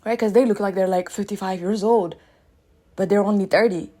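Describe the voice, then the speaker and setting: A woman in her thirties hosting a radio show, talking through a casual spiritual monologue with animated swings between loud bursts and soft asides. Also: mid-range voice, brisk. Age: 30s.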